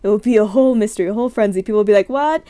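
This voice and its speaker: A woman's voice: mid-range voice, fairly even intonation, racing, warm tone. A young adult woman streamer in her room, chatting casually through scenario questions in a rambling, giggly, self-deprecating way.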